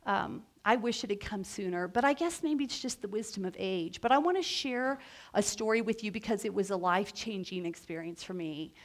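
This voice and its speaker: A middle-aged woman and agency founder telling a personal story to students in an animated, lively way, often laughing. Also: medium pitch, a little fast. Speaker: guest speaker, agency founder and executive. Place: lecture event before a student audience.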